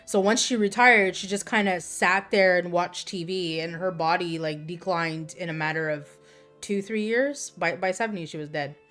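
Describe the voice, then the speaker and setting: A woman's voice: lowish voice, normal speed, a bit bright, soft background music. Candid rambling woman streamer. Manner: candid, rambling storyteller with crude humor. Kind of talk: casual chat with live chat.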